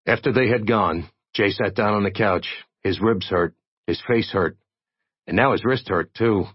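A man narrating an audiobook with expressive, steady storytelling. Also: on the low side, a little slow, husky, no echo, lo-fi sound.

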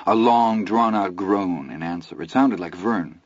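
A man reading a first-person story aloud in a measured, low-key way. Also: no echo. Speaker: audiobook narrator. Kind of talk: scripted first-person narration. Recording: dull lo-fi audio, dry.

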